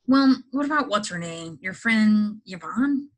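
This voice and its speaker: A woman voicing a blustering, gruff middle-aged uncle in a storybook reading. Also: mid-range voice, lively intonation, a little slow.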